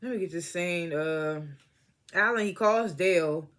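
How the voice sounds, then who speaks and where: A man's voice: high-pitched, a little slow, a bit bright. A man casually recapping a TV episode, laughing often and acting out the characters' lines, and he says he is stoned. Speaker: TV episode reviewer.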